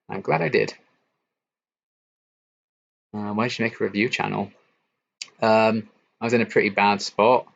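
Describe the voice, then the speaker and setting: Deep-voiced young man chatting on stream. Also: normal speed, gravelly, pauses often. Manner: relaxed, chatty, many ums and likes. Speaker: YouTube reaction channel host. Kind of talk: casual live-stream Q&A, reading chat. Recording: slightly dull lo-fi stream audio.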